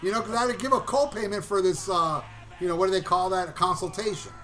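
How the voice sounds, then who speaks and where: A man casually telling a long story on a talk show, animated and profane, acting out voices and shouting at the punchlines. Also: high voice, quick pace, faint music behind. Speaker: podcast co-host.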